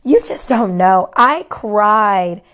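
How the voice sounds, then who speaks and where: A woman with a hoarse, worn voice, giving casual faith-based encouragement to viewers and repeating her key lines for emphasis. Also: mid-range voice, lively intonation, takes it slowly, a bit bright. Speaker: faith-based motivational speaker.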